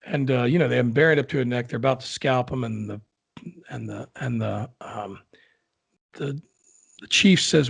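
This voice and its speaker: A man co-hosting a podcast who tells jokes in a rambling, halting way with lots of fillers. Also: medium pitch, creaky, breathy edge. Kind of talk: casual chat and joke telling.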